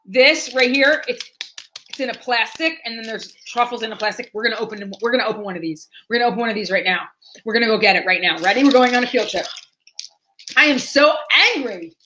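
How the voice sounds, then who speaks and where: A woman reviewing candy on a livestream, animated and exaggerated as she talks straight to her viewers. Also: a little high, brisk. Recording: dull lo-fi livestream audio.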